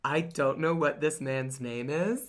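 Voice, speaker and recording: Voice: mid-range voice, unhurried. A podcast co-host recapping a drama with sassy, profane comic storytelling.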